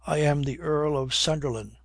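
A man's voice: a little high, normal speed, vocal fry, no room sound, studio quality. A man voicing a contemptuous older statesman who speaks curtly and sternly, in a storybook reading. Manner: curt, stern.

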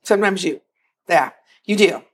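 A woman being interviewed as an actor and singer, telling stories in a lively, emotional way. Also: on the low side, moderate pace, slight background noise. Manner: animated, emotional, acts out quotes. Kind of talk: casual storytelling interview.

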